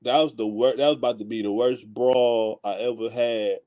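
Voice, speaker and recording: A man from Houston telling a story in casual talk with friends, animated and slangy, laughing as he goes. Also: mid-range voice, moderate pace. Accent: Houston, Texas. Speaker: podcast co-host.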